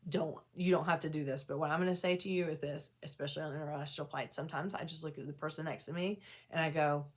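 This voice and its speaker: Woman vlogger w a low voice, just talking to camera, earnest, kinda self-deprecating, lots of restarts. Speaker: mental health vlogger sharing personal experience. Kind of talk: candid casual talk to camera.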